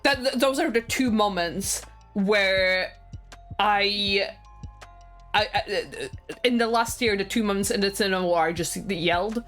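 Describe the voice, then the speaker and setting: A chatty woman streamer talks to her viewers in easy, excitable conversation, laughing often as she tells stories. Her pitch sits in a middle range. Soft music plays faintly behind her. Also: unhurried. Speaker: game streamer. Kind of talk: casual stream chat.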